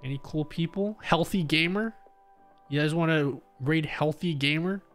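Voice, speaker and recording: Speaking at normal speed in a fairly bright voice on the high side, a young Australian livestream host rambles casually to his viewers. He interrupts himself constantly, packs in fillers and keeps restarting, with faint music in the background.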